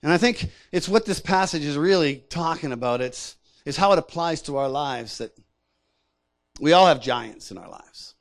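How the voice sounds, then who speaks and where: A man's voice: a little high, expressive, moderate pace. A man preaching a sermon in a conversational way, often repeating words and chuckling between points. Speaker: pastor.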